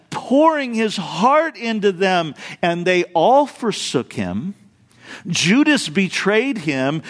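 A man preaching a sermon as a pastor, emphatic and animated, rising and dropping his voice for effect. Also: fairly high pitch.

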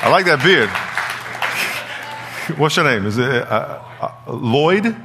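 A middle-aged male pastor preaching a sermon, animated and laughing, swinging from loud calls to quiet talk. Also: mid-range voice, slow pace, creaky, a loud crowd, very noisy. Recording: long hall reverb.

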